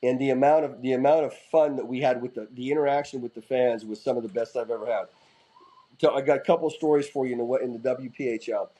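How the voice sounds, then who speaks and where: A middle-aged man, a former hockey player, telling rowdy stories as a guest in a casual interview, animated, with frequent restarts and casual swearing. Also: mid-range voice, quick pace, poor audio.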